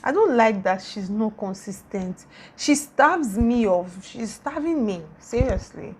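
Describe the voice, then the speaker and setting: A young Nigerian woman with a Nigerian accent, talking casually in a vlog and gushing with warm, repetitive praise. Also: fairly high pitch, expressive, measured pace, breathy edge. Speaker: YouTuber.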